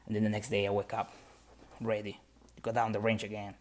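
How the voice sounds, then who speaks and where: A man's voice: fairly low pitch, completely flat delivery, fairly quick, darkish tone. A man telling a motivational story on a podcast in earnest, plain-spoken English with non-native grammar.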